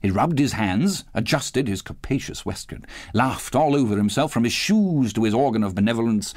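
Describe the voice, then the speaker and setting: A man reading a classic novel aloud as an audiobook narrator, with expressive, varied delivery. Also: medium pitch, normal speed, few pauses, no echo, clean studio sound. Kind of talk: scripted narration.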